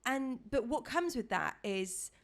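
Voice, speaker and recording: A young adult woman hosting a casual interview chat, animated and acting out quoted voices with big leaps in pitch. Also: a little slow. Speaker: podcast host.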